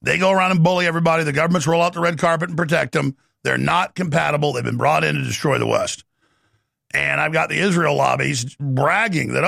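A middle-aged man hosting a talk show, delivering a forceful, rapid, ranting monologue from a studio. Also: on the high side, gravelly, no echo. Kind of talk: impassioned talk radio monologue.

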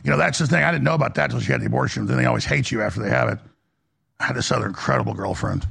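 In rapid-fire, sing-song delivery, a radio talk show host gives a passionate, preachy monologue. His voice is gravelly and husky, a bit bright, and swings from high to low.

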